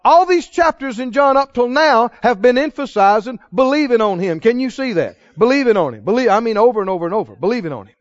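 A man with a very high voice preaches a sermon, asking his listeners questions and drilling answers back to them. The sound is dry and a little muffled. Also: expressive, fast, hardly any pauses, no echo. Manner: preaching with call-and-response questions to the congregation. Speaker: pastor.

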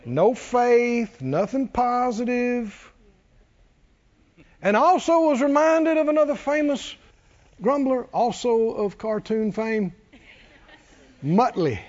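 Pastor type, man, high voice that swoops a lot, preaching to a crowd, muffled lo-fi recording. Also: takes it slowly, pauses often. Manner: animated preaching, jokes with congregation, does cartoon voices. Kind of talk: sermon.

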